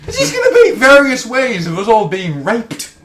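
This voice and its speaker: A man's voice: very high-pitched, wildly swooping pitch, normal speed, a bit bright. A man co-hosting a podcast, boisterous and jokey, laughing often. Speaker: podcast co-host. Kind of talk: casual banter. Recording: roomy with faint noise.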